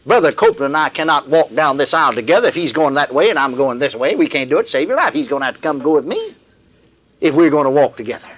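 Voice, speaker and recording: Older male preacher, high lively voice, folksy and emphatic, sermon to a congregation. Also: quick pace. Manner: folksy, emphatic, plain-spoken. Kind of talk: sermon leading a call-and-response. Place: large gathering, live recording.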